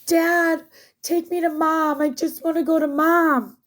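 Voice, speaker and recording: A woman's voice: very high-pitched, level tone, unhurried, voice pushed up. A woman voicing her scared young daughter, who begs to be taken to her mom. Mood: scared, pleading. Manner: pleading, frightened. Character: scared little girl begging for her mom.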